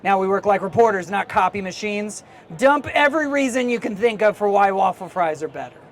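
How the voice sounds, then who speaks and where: A man voicing a cranky but caring old-school male newspaper editor in a gruff, clipped put-on accent, reading chatbot replies aloud in character. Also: high-pitched, expressive, fairly quick, slight background noise.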